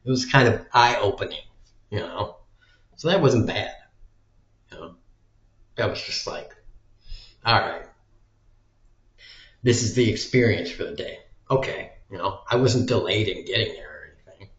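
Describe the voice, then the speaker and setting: A man's voice: lowish voice, animated, a little slow, long pauses, fairly bright tone. A man talking in a casual, rambling monologue as a vlogger, packing his talk with "like". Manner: rambling, heavy use of "like" filler. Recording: echoey room, dull lo-fi sound.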